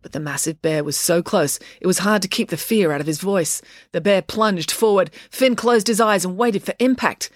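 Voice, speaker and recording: Casting: woman narrator for a kids' audiobook, expressive, dry close studio sound. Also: fairly low pitch, moderate pace, hardly any pauses, no room sound.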